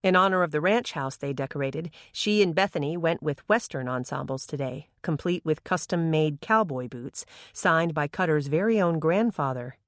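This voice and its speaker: A narrator reading an audiobook in an even, measured voice on a close studio mic. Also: mid-range voice, dry recording. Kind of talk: scripted narration.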